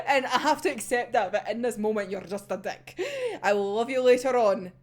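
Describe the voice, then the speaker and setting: A young woman with a Scottish accent talks through an anime episode in a loose, chatty way. Her fairly high voice swings widely in pitch as she gets worked up, breaking often into laughter and dropping casual swears. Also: huge pitch swings, measured pace, pauses often. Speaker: anime reviewer.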